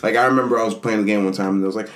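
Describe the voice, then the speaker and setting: A man chatting casually about a video game, telling stories with lively energy and acting out characters in funny voices. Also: fairly low pitch, very fast. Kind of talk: casual gaming chat.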